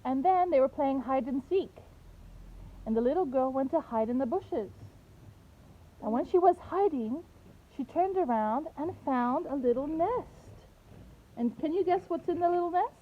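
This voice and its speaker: A woman's voice: high-pitched, animated, normal speed, long pauses. A woman teaching a young child outdoors, patiently asking questions and telling a story. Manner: patient questioning, coaxing answers. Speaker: home teacher. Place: outdoors in a garden. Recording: tinny phone-like sound, faint noise.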